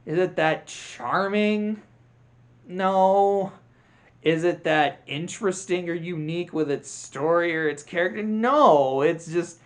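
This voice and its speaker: A young man casually reviewing animated movies, rambling with sarcastic, self-deprecating asides. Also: fairly high pitch. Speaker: video essay host.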